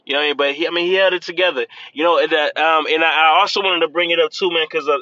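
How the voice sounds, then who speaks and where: A man hosting a talk show, riffing in casual slang and tacking a drawn-out "man" onto his lines. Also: a little high, fairly even intonation, pushed and bright, no echo, dull audio. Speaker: podcast host. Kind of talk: casual commentary.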